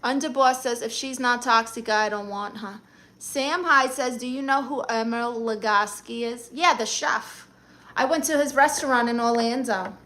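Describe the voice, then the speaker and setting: A woman's voice: a little high, moderate pace, bright, forceful tone. A woman from Brooklyn with a New York accent, casually chatting on a live stream and firing sassy comebacks at viewers. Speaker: comedian live-streamer reading chat.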